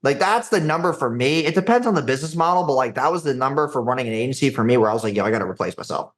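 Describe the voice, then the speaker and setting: A man's voice: medium pitch, animated, rapid-fire. Brash, profane young guy telling stories. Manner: brash, profane, says "dude" and "like" often. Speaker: podcast guest, agency founder. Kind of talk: casual storytelling interview.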